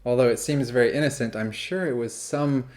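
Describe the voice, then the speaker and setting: A man's voice: mid-range voice, brisk, darkish tone. A man hosting a casual reaction video, chatty and upbeat, talking through his thoughts on a magic act. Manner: upbeat, chatty, laughs easily. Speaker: YouTube reaction host.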